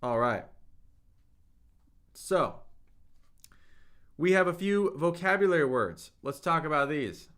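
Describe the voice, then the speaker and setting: A man's voice: on the high side, lively intonation, takes it slowly, pauses often, a bit bright. A man teaching Mandarin on a live stream, upbeat and talking to viewers in the chat while he repeats vocabulary. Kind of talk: live-streamed language lesson.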